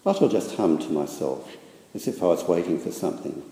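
A man voicing a calm, unhurried young bear who talks in a cool, matter-of-fact way, read in an echoey hall. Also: low-pitched, vocal fry. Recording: echoey hall with long reverb.

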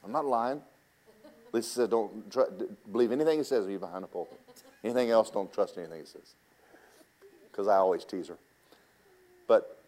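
A man's voice: fairly low pitch, lively intonation, fairly quick, pauses often, a little mellow. A man preaching a sermon, telling personal stories in a folksy, teasing way and talking straight to the congregation.

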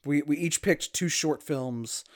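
A man's voice: a little high, unhurried. A man from Louisiana hosting a podcast, talking casually and laughing often. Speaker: podcast host.

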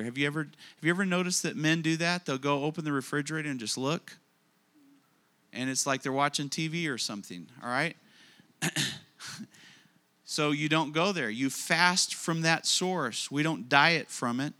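A man preaching a sermon to a congregation, emphatic, often asking questions and slowing down to stress key lines. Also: a little high, bright, forceful tone. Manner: emphatic, repeats phrases, asks the congregation questions. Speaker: pastor.

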